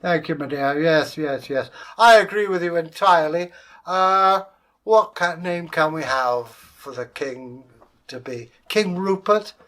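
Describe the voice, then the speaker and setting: A pompous, fussy king who agrees grandly and questions stiffly, played by a male storyteller. His tone is bright and a touch raised, delivered at an unhurried pace. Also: a little high, pitched above the performer's own voice. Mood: agreeable. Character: pompous proud king, middle-aged.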